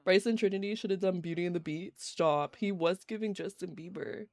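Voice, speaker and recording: A woman's voice: on the low side, brisk, darkish tone, no room sound. A woman streamer giving casual, giggly commentary on a life-simulation game while she plays live. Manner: chatty, giggly, reacts to gameplay. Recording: faint game music behind.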